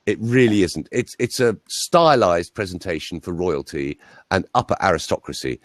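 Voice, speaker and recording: Lively Southern English man, low voice. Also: normal speed, no room sound, studio quality. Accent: standard Southern English. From Ireland. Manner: animated storyteller, mimics voices. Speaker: voice coach. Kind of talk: interview, anecdotal chat.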